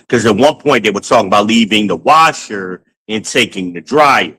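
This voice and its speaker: A man hosting a podcast, ranting in a casual, profane, animated way while walking around his home with a handheld phone. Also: on the low side, moderate pace, hardly any pauses, slightly rough, low-quality recording. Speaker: podcast host. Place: at home, moving between rooms.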